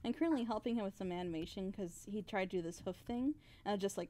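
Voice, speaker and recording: A woman voice actress chats on a relaxed stream, gushing and giggling between thoughts. Her voice sits in an ordinary middle range. A faint hiss of noise sits under the talk. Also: mid-range voice, quick pace. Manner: giggly, effusive, laughs often. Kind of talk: casual stream chat.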